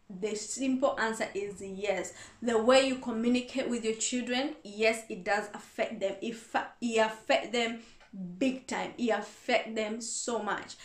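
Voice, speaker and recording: A woman reverend answering viewer questions in a casual advice talk, earnest and repeating her points for emphasis. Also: fairly high pitch. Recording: echoey room.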